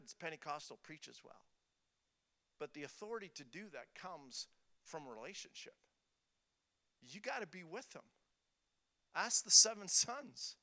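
A man preaching a sermon in a church, emphatic and repetitive, swinging between loud declarations and soft, low asides. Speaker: pastor.

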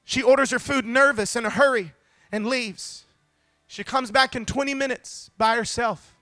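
A man preaching a sermon to a congregation, fervent and building to shouted climaxes, calling out to the listeners. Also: very high voice, moderate pace, dry recording, clean studio sound, soft background music. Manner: calls out to the congregation.

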